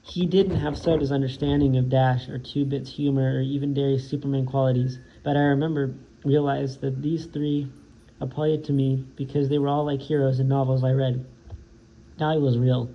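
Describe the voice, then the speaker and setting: Male teacher reading a novel out loud, gravelly voice, trips on words and fixes them, dull lo-fi audio with faint noise. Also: medium pitch. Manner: steady read-aloud with frequent slips and self-corrections.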